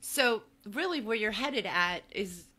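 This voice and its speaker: A middle-aged woman from Ohio hosts a casual chat, lively and teasing. Her voice is bright and forward, sitting at an ordinary pitch for a woman. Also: measured pace. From Ohio, United States. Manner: lively, laughs often, teasing. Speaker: host. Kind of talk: casual conversation.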